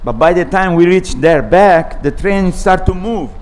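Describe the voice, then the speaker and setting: A man's voice: high-pitched, animated, unhurried, darkish tone. Man telling a story in a sermon. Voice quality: conversational, storytelling. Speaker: speaker giving a scripture class. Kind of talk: sermon with a personal anecdote.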